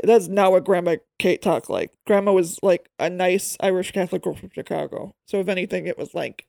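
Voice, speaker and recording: A woman co-hosting a podcast in casual chat, talking in digressive runs full of quick asides. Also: on the low side, lively intonation, gravelly, darkish tone, no echo, clean studio sound. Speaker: podcast co-host.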